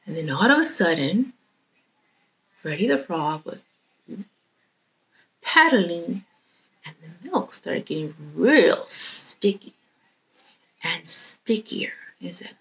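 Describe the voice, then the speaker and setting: A woman's voice: lowish voice, very animated, slow pace, long pauses, a bit bright. A woman telling a children's story in a church, speaking expressively and dropping to a whisper for suspense.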